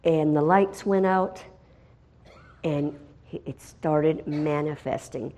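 A middle-aged woman giving a spoken testimony as a missionary, telling her story dramatically and swinging from hushed tones to loud, excited bursts. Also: low-pitched, slow pace, a little hiss or hum.

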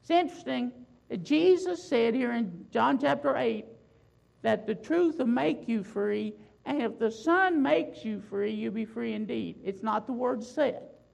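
A woman preaching a sermon, building emphasis with loud swells and slow, drawn-out phrases. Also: on the high side, creaky, poor audio.

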